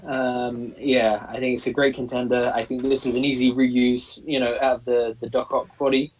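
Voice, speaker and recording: A man's voice: mid-range voice, flat delivery, moderate pace, breathy edge, low-quality recording. A man co-hosting a toy livestream, easygoing and agreeable in casual chat. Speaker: co-host.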